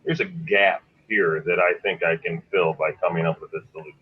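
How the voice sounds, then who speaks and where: Low husky-voiced male interviewer. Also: steady tone, a little fast. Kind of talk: interview questions. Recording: dull lo-fi sound.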